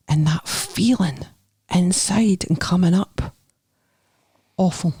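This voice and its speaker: A middle-aged woman with a Scottish accent, a nurse therapist talking as a guest on a podcast, chatty and animated as she tells her story. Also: lowish voice, slow, husky, dry recording, clean studio sound. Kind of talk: candid podcast conversation.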